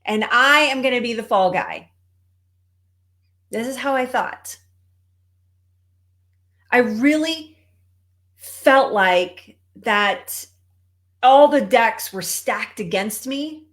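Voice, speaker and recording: A woman from Texas with a Texan accent speaks to a live audience as a cancer coach. She takes her time, pace unhurried, chatting and greeting viewers with an easy conversational laugh. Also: fairly high pitch, animated, fairly bright tone. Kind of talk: live-streamed motivational talk.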